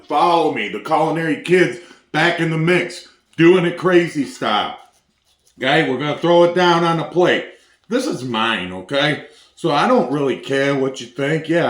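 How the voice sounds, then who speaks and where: A man with a fairly high voice hosts a casual cooking video. He jokes loosely, talks with his mouth full and hypes his viewers. The sound carries the echo of a hard-walled home kitchen.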